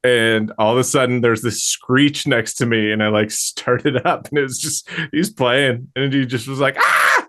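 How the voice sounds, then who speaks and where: A young adult man co-hosting a podcast, chatting casually in a halting way with many restarts. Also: medium pitch, fairly even intonation, fairly bright tone. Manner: halting, lots of fillers and restarts. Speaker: podcast co-host. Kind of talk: casual chat.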